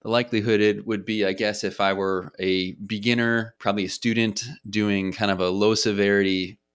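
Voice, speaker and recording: A male podcast host with a very deep voice, heard dry and close to the mic. He gives short reactions and calm, even summaries. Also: normal speed, clear, resonant tone, no room sound. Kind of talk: casual podcast chat.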